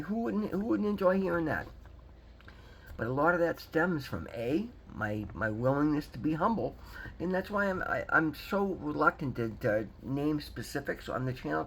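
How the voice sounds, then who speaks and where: A man's voice: a little high, animated, brisk, vocal fry, slight background noise, rough recording. A man, talking earnestly to his viewers in a rambling, repetitive way and calling them guys. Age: 50s. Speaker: recovery vlogger. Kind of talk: casual motivational talk to camera.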